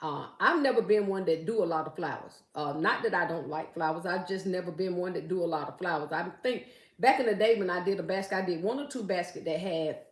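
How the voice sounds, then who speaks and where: A woman's voice: fairly low pitch, a little fast. A woman hosting a casual live stream from home, chatting with viewers and reading their comments aloud as she talks about her gift basket making. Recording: roomy echo.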